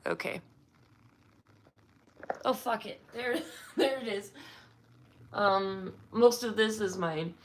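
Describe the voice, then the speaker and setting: A woman's voice: mid-range voice, takes it slowly, pauses often, a little hiss or hum. A woman livestreaming from home with a slight slur, chatting to viewers in a rambling, self-deprecating way and laughing often. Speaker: livestreamer and artist. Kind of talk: casual livestream chat. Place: at home, indoors.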